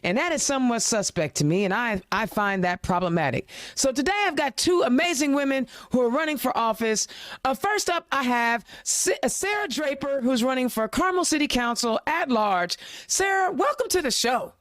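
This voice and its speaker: A woman's voice: high-pitched, expressive, moderate pace, no room sound. Impassioned woman host, dry close sound. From Indiana. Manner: impassioned, ranting, rhetorical questions; chatty, informal. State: a little choked up. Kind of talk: political talk show rant.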